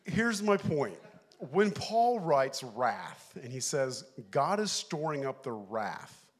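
A middle-aged man preaching a sermon, telling a story animatedly, laughing along and shouting the lines he quotes. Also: mid-range voice, very animated, slow. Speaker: pastor.

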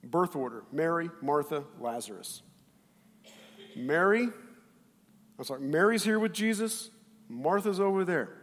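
A male pastor delivers a sermon in an animated, conversational way, jumping from loud bursts to quiet asides and acting out the quoted voices. His voice sits a little high for a man. The sound carries a long reverb, as in a church hall. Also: measured pace, pauses often.

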